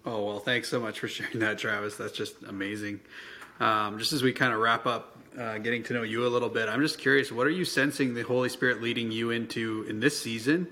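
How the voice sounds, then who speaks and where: A man's voice: mid-range voice, fairly even intonation, a little fast, bright, forceful tone, a little hiss or hum. A man hosting a faith podcast, giving short affirming responses and asking a reflective question. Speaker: podcast host.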